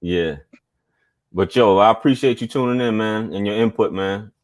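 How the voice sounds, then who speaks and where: A man's voice: on the low side, moderate pace. A man hosting a casual live stream, talking in a laid-back, slangy way and reading viewer chats aloud.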